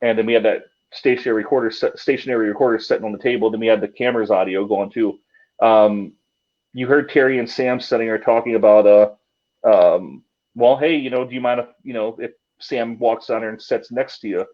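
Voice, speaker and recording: A man's voice: fairly low pitch, steady tone, brisk. A man, a paranormal investigator, telling a story casually, with many fillers and restarts. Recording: dull lo-fi sound.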